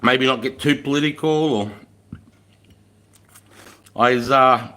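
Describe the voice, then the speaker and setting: Australian man, casual live-stream chat, mid-pitched voice, rambling, easygoing, swears freely. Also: takes it slowly, sharp tone. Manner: rambling, laid-back, swears freely, often laughs. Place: room at home with a fire going.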